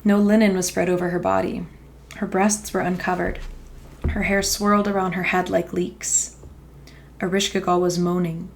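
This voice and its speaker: A woman podcast host reading an ancient myth aloud in steady, measured storytelling. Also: lowish voice, creaky.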